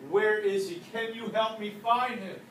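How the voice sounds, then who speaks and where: A man's voice: sits high, fairly even intonation, measured pace, fairly bright tone, a little hiss or hum. A man voicing a devoted, grieving young wife who speaks earnestly. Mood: pleading. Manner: earnest, pleading. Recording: echoey room from a distance.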